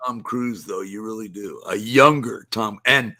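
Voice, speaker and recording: A man's voice: lowish voice, measured pace, bright, forceful tone. A man hosting a casual chat, dropping in short friendly remarks.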